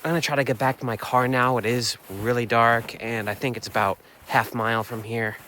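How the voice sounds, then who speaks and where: A man's voice: mid-range voice, steady tone, a little fast, pushed and bright, a little hiss or hum. Chatty man vlogging on the go. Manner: thinks aloud, unsure and chatty. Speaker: van-life vlogger. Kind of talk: casual vlog narration to camera.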